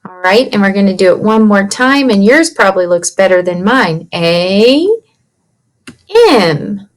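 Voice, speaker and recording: Slow, patient teacher sounding out letters. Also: female voice, mid-range voice. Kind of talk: remote lesson for young children. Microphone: computer mic.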